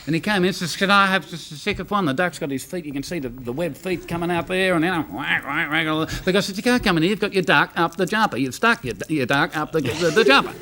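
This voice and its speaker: A man's voice: on the high side, quick pace, few pauses, pushed and bright. An Australian comedian telling a rambling joke on a live TV show, chuckling as he goes. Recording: studio audience behind.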